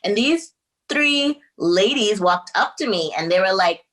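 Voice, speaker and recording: A woman from the Bahamas speaks as a podcast guest in a bright, forward voice. She tells her stories with animation and slips into acting out the dialogue. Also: medium pitch, expressive, a little slow. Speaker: podcast guest, anti-racism educator. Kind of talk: animated personal storytelling.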